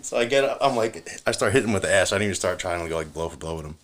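A middle-aged former police officer speaks in a low, deep voice. He tells his story casually, swears freely, chuckles between lines and leans on fillers. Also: lively intonation, very fast, a bit bright.

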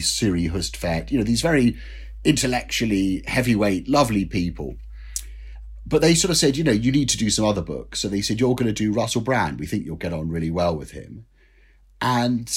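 A man from England, a writer being interviewed, telling stories in an animated, self-deprecating way with lots of "you know". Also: lowish voice, husky. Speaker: guest, drinks writer. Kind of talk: conversational interview answers.

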